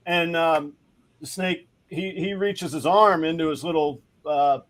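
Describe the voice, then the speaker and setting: Man, high-pitched, rambling storyteller, halting delivery, host. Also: fairly bright tone. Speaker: show host. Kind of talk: telling a long shaggy-dog joke.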